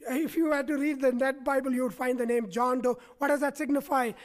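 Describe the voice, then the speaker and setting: A man's voice: very high-pitched, fairly even intonation, a little fast. A man preaching a sermon to his congregation, often checking in with them by asking "right?". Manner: asks the congregation frequent "right?" tags. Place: church.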